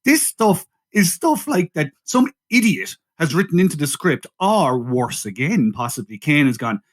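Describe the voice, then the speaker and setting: A man's voice: a little high, very animated, moderate pace, few pauses. A man co-hosting a podcast, steering a casual film chat with wry remarks and laughing along. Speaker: podcast co-host.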